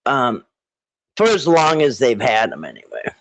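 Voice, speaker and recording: A man hosting a casual live stream, rambling with halting restarts and frequent throat clearing. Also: mid-range voice, huge pitch swings, no room sound, rough recording. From Minnesota.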